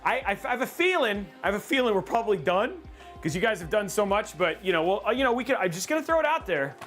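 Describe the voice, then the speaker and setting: A man hosting a casual livestream, rambling and excitable, joking about himself. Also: high-pitched, quick pace, soft background music. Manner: excitable, rambling, self-mocking. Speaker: livestream host.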